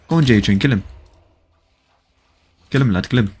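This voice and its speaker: Live-streaming a game, a young man speaks at a moderate pace with frequent pauses, his medium-pitched voice slightly rough. He talks to chat, laughing and excitably pleading with a friend to fight, faint music behind him.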